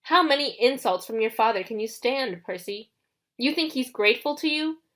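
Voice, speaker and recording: A woman reading an audiobook, voicing a smooth, mocking young male villain who taunts the heroes. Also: on the high side, animated, moderate pace, fairly bright tone. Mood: taunting.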